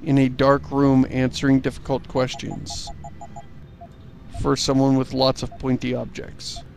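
A man's voice: mid-range voice, completely flat delivery, measured pace, creaky, a little mellow. A man co-hosting a casual game commentary show, chatty and joking with rambling asides.

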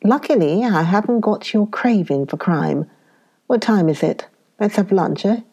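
A woman voicing a lively, impulsive young woman adventurer who is quick to exclaim, in a storybook reading. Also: mid-range voice, husky. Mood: playful.

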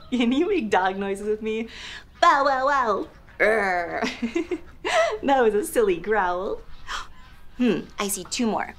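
A young woman hosting a children's show, teaching toddlers in an animated, exaggerated, sing-song way. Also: mid-range voice, slow, pauses often.

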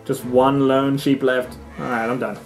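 A young man giving animated, swear-filled let's-play commentary, often squealing and shouting at the game. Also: mid-range voice, unhurried, soft background music. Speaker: gaming let's-play host.

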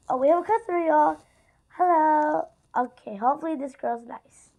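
A woman's voice: high-pitched, normal speed, creaky, mellow, poor audio. A female YouTuber chatting casually to viewers while narrating her gameplay in a rambling way. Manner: chatty and rambling, often addresses viewers directly. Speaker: gaming YouTuber.

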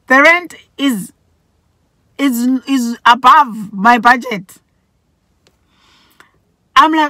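A middle-aged woman from Botswana telling a personal story in a vlog, animated and acting out the people she quotes. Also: high voice, slow pace, long pauses, dry recording. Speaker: vlogger.

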